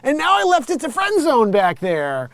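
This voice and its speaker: A man putting on a shrill self-absorbed young mom. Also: huge pitch swings, normal speed, gravelly, fairly bright tone, dry recording, heavily acted. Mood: gushing. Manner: squealing, mocking.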